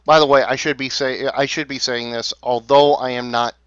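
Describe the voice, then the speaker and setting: Man, game master, halting, smooth voice, dry dull lo-fi sound. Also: medium pitch, flat delivery, no echo. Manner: halting, many restarts and fillers, laughs often. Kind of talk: narrating a tabletop game.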